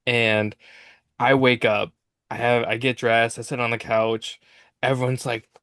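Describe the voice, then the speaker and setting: A podcast host from Minnesota, a man of middle pitch who spins casual anecdotes with lively energy. He slips into quick impressions of his friends as he talks. The sound is close and dry, with no room around it. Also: no room sound. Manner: animated storyteller who acts out quoted friends. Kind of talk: casual chat.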